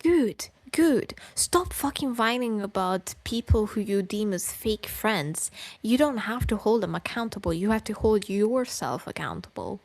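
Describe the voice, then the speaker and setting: A woman's voice: medium pitch, animated, normal speed, no room sound. A woman co-hosting a podcast and ranting with exasperation at a document she reads aloud. She swears often and sighs. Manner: exasperated, profane, loud bursts, with sighs. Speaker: podcast co-host. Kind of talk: heated podcast rant reacting to a document. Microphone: desk microphone close to the mouth.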